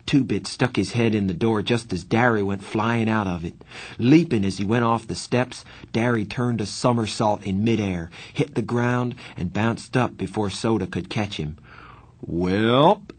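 A man narrating a novel aloud in the first person, with a low, husky voice. He tells the story in a plain, steady way. His reading stays even and unhurried. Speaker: audiobook narrator.

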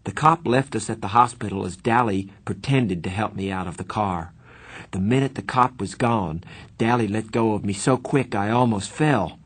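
A man reading a novel aloud in the first person, with measured, earnest storytelling. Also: on the low side, breathy edge. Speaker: audiobook narrator.

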